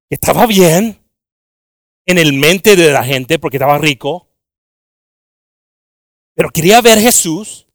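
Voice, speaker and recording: A man's voice: high-pitched, a bit bright, no room sound. A man preaching a bilingual sermon, switching between Spanish and English with joking asides.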